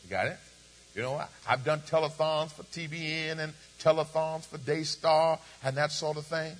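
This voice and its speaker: A man's voice: on the high side, moderate pace. A man preaching a sermon, reading scripture aloud and calling for responses from the congregation. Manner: preaching with call-and-response, repeats phrases, reads scripture aloud. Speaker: pastor. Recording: long hall reverb.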